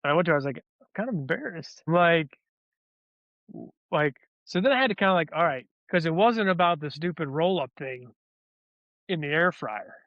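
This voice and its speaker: A man's voice: on the high side, animated, moderate pace, no room sound. A man telling a candid personal story in an interview, rambling and restarting his words as he goes. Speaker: guest, former soldier turned wellness advocate. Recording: dull lo-fi audio.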